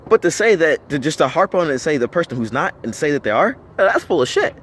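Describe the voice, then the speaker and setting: This American vlogger's voice is on the high side, fast, very animated and fairly bright as he bluntly rants at the camera, cursing constantly and repeating points to drive them home. He fires off rhetorical questions, with a little hiss or hum underneath.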